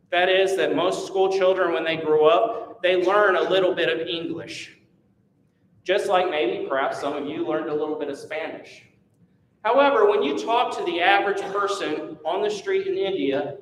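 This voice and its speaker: A man who is a missionary gives a church class presentation, teaching in an earnest, emphatic way. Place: church meeting room. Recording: echoey church hall from far off, faint rumble.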